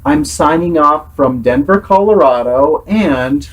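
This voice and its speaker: Brief: unhurried male host, earnest and exasperated movie critic. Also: on the high side, lively intonation, rough recording. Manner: earnest, exasperated critique, sometimes imitates sounds. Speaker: host, film reviewer. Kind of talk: casual film review chat.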